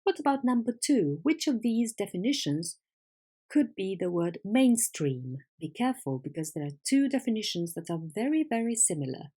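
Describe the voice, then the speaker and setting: A woman teaching an English vocabulary lesson, patient and clear, asking questions and confirming answers. Her first language is Spanish. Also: medium pitch, sing-song, normal speed, warm tone.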